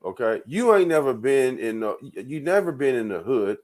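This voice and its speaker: A man's voice: mid-range voice, very animated, normal speed, a little mellow. A man hosting his own show, ranting in loose commentary with frequent profanity, repeated words and laughs. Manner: rambling, profane, repeats himself, laughs often. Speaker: show host.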